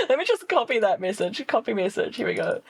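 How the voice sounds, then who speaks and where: A woman's voice: medium pitch, very animated, fast talker, vocal fry, husky. A woman streamer chatting casually with her viewers, playful and giggling often between phrases. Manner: playful, chatty, reads chat aloud.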